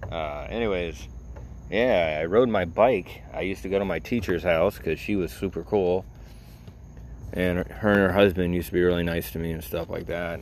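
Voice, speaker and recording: A man's voice: deep voice, a little hiss or hum. A man casually telling a personal story to his listeners, rambling with lots of fillers and wry, profane asides.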